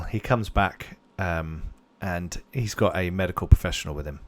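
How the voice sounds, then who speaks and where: A man's voice: sits low, moderate pace, darkish tone. A man narrating as game master in a tabletop game, casual and full of fillers. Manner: casual, with frequent fillers and laughs.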